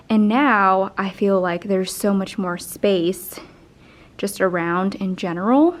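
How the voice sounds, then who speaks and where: A woman's voice: medium pitch, slow pace. A young woman teacher in her twenties, out of breath, casually thinking aloud as she rearranges an empty classroom. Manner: thinks aloud while rearranging, chatty with fillers. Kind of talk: casual vlog narration.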